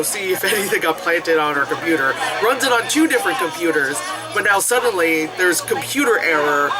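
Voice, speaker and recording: A movie reviewer reacts in a loose, joking way, often breaking into laughter and cursing. The pitch jumps around a lot as they mimic the characters on screen. Loud film music plays underneath the whole time. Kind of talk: casual movie reaction commentary. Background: film soundtrack music playing.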